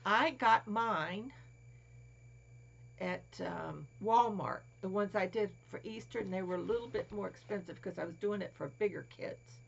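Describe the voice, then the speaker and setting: Woman crafting vlogger with a gravelly voice, fond cooing show-and-tell, at home. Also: medium pitch, measured pace. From Florida. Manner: cooing over small toys, drops to whispers. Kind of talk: casual show-and-tell vlog. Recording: dull lo-fi home recording, faint hiss.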